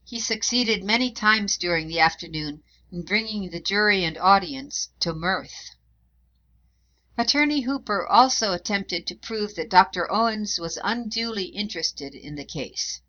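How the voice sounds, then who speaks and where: A woman narrating a historical account in a measured, even reading voice. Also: medium pitch. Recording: dull lo-fi recording.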